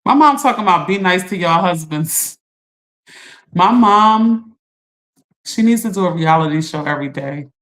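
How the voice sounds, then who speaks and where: A woman's voice: lowish voice, lively intonation, moderate pace, pauses often, a bit bright. A middle-aged woman, chatting on a livestream and reading viewer comments, laughing and teasing. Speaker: livestream host.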